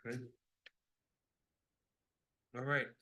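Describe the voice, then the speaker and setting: A man chairing a city council meeting as mayor, reading agenda items and calling motions. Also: pushed and bright. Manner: reads agenda items, brisk procedural.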